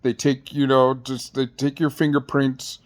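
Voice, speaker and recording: A man's voice: medium pitch, little pitch movement, unhurried. Man, ex-inmate storyteller: slangy, blunt, rambling delivery, mid-range voice. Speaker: former inmate telling a jail story. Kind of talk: casual storytelling.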